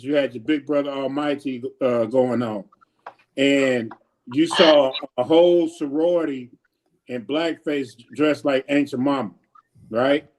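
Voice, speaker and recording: A man co-hosting a podcast, asking a guest questions in a halting, repetitive way. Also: on the high side. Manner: halting, repeats himself while asking. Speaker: podcast co-host, coach. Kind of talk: casual interview chat.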